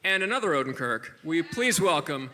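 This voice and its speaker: High-voiced man doing wry stand-up. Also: fairly quick. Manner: wry, self-mocking deadpan delivery. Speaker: stand-up host. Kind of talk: stand-up comedy. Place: comedy club stage before a laughing crowd. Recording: live club recording with noisy crowd.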